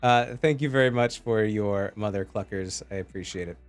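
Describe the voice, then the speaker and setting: A man's voice: fairly low pitch, moderate pace, soft background music. A man casting a live esports match, chatty and joking as he reads out chat messages. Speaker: esports caster.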